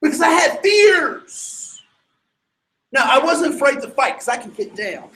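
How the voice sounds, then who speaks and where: A man with a very high voice tells a personal story to an audience. He stumbles over repeated words and restarts, then breaks into loud, excited bursts. His delivery is lively and animated. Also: a little slow, low-quality recording.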